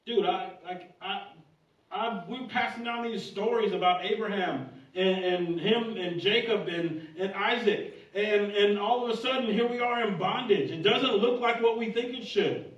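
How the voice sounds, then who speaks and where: A man preaching a sermon in a church, telling stories in an animated, humorous way. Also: high-pitched, normal speed. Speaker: pastor. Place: church sanctuary. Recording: echoey church room, distant mic, dull sound.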